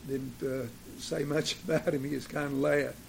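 A man preaching a sermon, swinging between emphatic declarations and relaxed, folksy storytelling with plenty of fillers. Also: mid-range voice, moderate pace, gravelly, a little hiss or hum.

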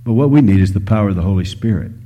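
A man preaching a sermon, shifting between loud emphasis and hushed whispers, telling stories and asking the audience questions. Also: on the low side, expressive, rapid-fire. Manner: storytelling, asks the audience questions.

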